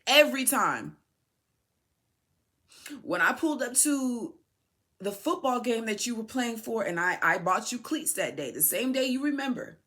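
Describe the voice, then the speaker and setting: A woman's voice: fairly high pitch, lively intonation, moderate pace, a bit bright. Aggrieved woman pouring out a monologue. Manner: aggrieved, pleading, repeats herself for emphasis. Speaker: podcast host, mother addressing her son. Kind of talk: emotional personal monologue.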